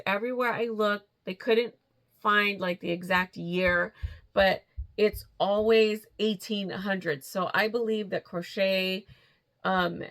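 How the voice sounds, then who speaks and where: Middle-aged woman, casual vlogger, excitable and chatty, laughs often, loose restarting sentences. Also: medium pitch. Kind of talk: casual chat. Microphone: camera in front, steps back and forth.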